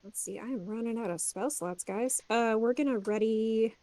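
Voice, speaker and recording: A woman's voice: fairly high pitch, normal speed, mellow, dry recording. A woman player in a tabletop game, plainspoken and matter-of-fact as she picks her spells. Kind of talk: casual tabletop play.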